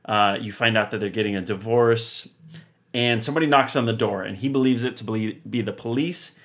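A young man co-hosting a podcast, casually recapping a TV episode with lively, laughing storytelling. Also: fairly low pitch, fairly quick. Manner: animated storyteller, laughs often. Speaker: podcast co-host.

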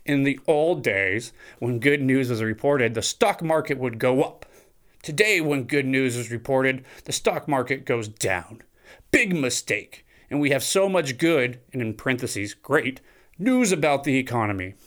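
A man on his podcast goes off on a casual, funny rant, animated and foul-mouthed, working himself up as he jokes. He keeps a measured pace with a mid-range voice.

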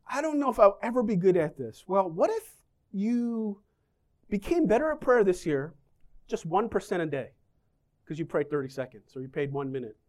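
A man's voice: high-pitched, a little mellow. A man preaching a sermon, joking and asking the congregation questions as he talks. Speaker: pastor.

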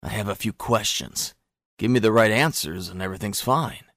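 A man reading a quiet, menacing male interrogator. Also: fairly low pitch, no echo, clean studio sound. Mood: coldly menacing. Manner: quiet, measured, threatening. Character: cold, menacing male intelligence chief, interrogator.

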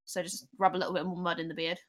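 A woman's voice: lowish voice, level tone, rapid-fire. A woman playing a tabletop game, playful and giggly, talking in casual bursts. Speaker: player.

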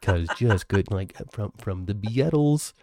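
A man's voice: lowish voice, expressive, a little slow, darkish tone, no room sound, studio quality. A man co-hosting a podcast over a video call, chatting casually and laughing often. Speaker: podcast co-host. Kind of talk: casual chat. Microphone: home computer mic, video call.

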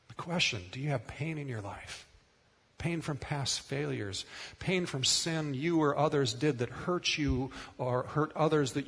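Earnest middle-aged preacher in an echoing hall. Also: male voice, a little high, husky. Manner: earnest, emphatic, repeats words for stress. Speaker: pastor. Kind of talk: sermon.

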